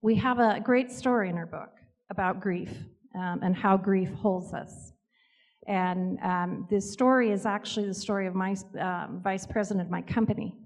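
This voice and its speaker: A woman telling a personal story in a measured, reflective way, pausing often with small hesitations. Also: medium pitch, steady tone, in a large hall. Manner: measured, with hesitant pauses and fillers. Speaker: author speaking about grief and spirit visits.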